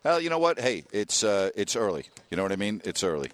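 A man's voice: on the low side, sing-song, quick pace. A man hosting a sports radio talk show, brash and needling as he takes calls and reads out the phone number.

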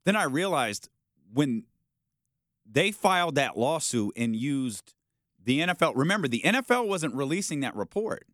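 A man hosting a sports talk show, debating with a lively, swinging delivery. He argues his point in a casual, conversational way and acts out other people's reactions. The sound is dry and close to the microphone. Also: on the high side, normal speed, no echo. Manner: animated, argumentative, acts out quoted reactions.

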